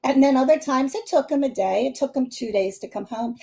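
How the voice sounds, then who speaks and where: Host: middle-aged woman, Philly-area accent, high-pitched, lively and laughing, talking to viewers on a live stream. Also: fairly quick, gravelly. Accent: Philadelphia area. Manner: chatty, animated, laughing often. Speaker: psychic medium hosting a live stream.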